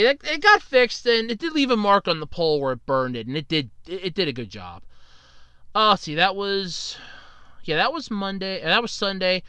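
Lively, bright-voiced solo podcast host. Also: mid-range voice, smooth, dry recording. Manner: rambling, animated anecdotes with acted-out quotes and laughs. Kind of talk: casual solo storytelling.

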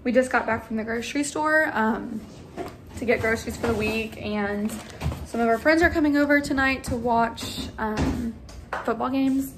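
A woman's voice: on the high side, normal speed, over music. A young adult woman, a kindergarten teacher, talking in a chatty, conversational way to her vlog audience. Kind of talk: casual vlog chat.

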